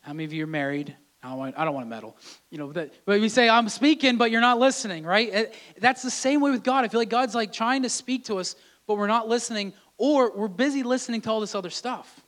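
A man's voice: high voice, fast talker, fairly bright tone. A man preaching a sermon in a conversational way, often repeating and restarting his words. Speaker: pastor.

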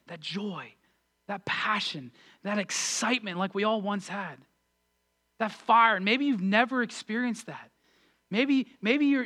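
A male pastor delivers a lively sermon in a strikingly high voice. His tone is bright and forceful, and he swings between loud, excited passages and hushed, quiet asides.

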